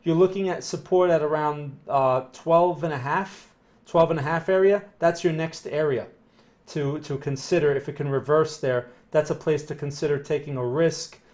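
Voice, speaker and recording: A man's voice: fairly high pitch, moderate pace, darkish tone. Chatty man walking through trading charts. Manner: conversational, thinking aloud, frequent "right?" and "okay?". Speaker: market analyst streaming a live Q&A. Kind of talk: casual live-stream chart analysis.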